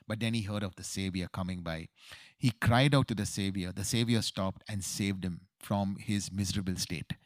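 A middle-aged man earnestly telling his survival testimony, halting often with fillers and repeated words. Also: low voice, dry recording, studio quality.

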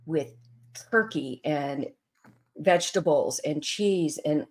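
Middle-aged woman guest, low-pitched, earnest and emotional as she recounts her story. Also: slow pace. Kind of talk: personal story in a podcast interview.

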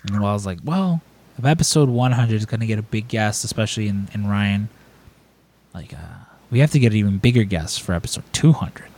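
A man's voice: fairly low pitch, brisk. Rambling man telling con stories. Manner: rambling, animated, acts out quotes in raised voices. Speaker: podcast host. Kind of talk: casual storytelling chat.

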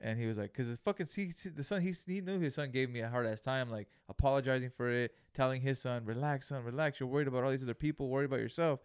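A man's voice: mid-range voice, fast, few pauses, smooth, dry recording, clean studio sound. A young man, co-hosting a podcast and telling a story in a casual, profane way, acting out the people in it. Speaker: podcast co-host.

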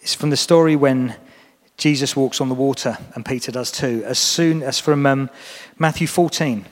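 A man with a medium-pitched voice preaches a sermon in a church hall at a normal speed, speaking earnestly and encouragingly to the congregation. The recording carries the hall's long reverb.

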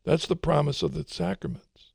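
A man talking through Christian ideas in a relaxed discussion, thoughtful and often repeating words as he searches for phrasing. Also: fairly high pitch, normal speed, vocal fry, slightly rough, no echo, studio quality. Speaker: author and co-host of a faith discussion. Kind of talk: casual religious discussion.

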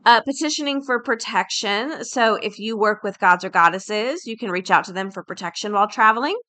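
A woman's voice: mid-range voice, brisk, pushed and bright. A woman hosting a podcast, talking casually and reading aloud with filler words like uh and um. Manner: chatty, reads aloud with fillers. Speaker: podcast host.

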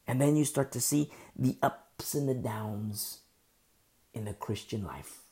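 A male pastor leads a Bible study in a relaxed, conversational way, and his voice carries a gravelly rasp. His throat is sore, so he shifts between forceful emphasis and a soft, slow delivery. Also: mid-range voice. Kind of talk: conversational sermon-style Bible teaching.

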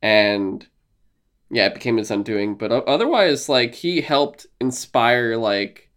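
Brief: podcast co-host, male, loose and animated, slips into characters' voices. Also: mid-range voice, a little slow. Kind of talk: casual video game discussion.

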